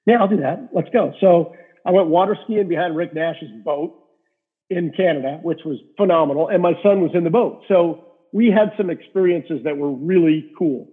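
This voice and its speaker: A man's voice: a little high, moderate pace, husky. A middle-aged man, a rink-side hockey reporter, telling rambling anecdotes full of fillers as an interview guest. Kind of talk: casual storytelling interview. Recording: tinny phone-like line.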